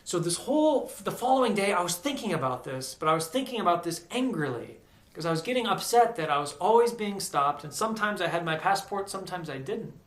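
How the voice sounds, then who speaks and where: American man, casual storyteller, animated, slightly high voice, roomy echo. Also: brisk. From United States. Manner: animated, acts out quoted voices. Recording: echoey room.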